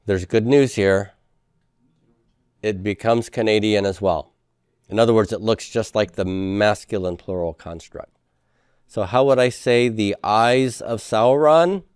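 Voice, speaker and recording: A man with a lowish, darkish, smooth voice talks a little slowly in a clean studio recording with no room sound. He lectures a class step by step, often checking in with students through questions and using lots of fillers.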